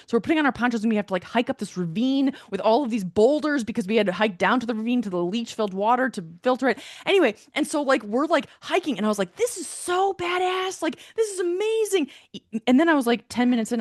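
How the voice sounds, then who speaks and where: A woman co-hosting a podcast, telling a story in a lively, casual way, full of "like" and the odd swear. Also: on the high side, fast talker, few pauses, no echo, studio quality. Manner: animated storytelling, filler-heavy, swears. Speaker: podcast co-host. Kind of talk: casual chat.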